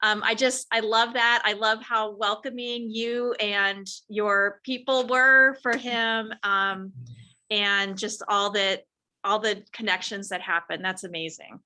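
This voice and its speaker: A woman's voice: medium pitch, steady tone, slow, bright, forceful tone. A woman moderating a ministry roundtable on a video call, responding in an upbeat, affirming, chatty way.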